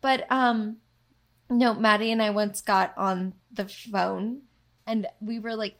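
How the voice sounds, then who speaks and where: Young woman cohost, kinda fry-heavy voice, emotional chatty storyteller. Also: medium pitch, fairly even intonation, slow pace. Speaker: podcast co-host. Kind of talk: casual chat.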